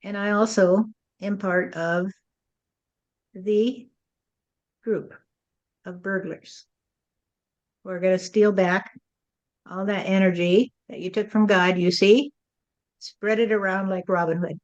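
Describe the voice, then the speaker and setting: A woman's voice: medium pitch, fairly even intonation, takes it slowly, pauses often, a little mellow, highs cut off. A woman acting as a spirit medium, relaying channeled messages in a musing way and often tagging her lines with "you see.".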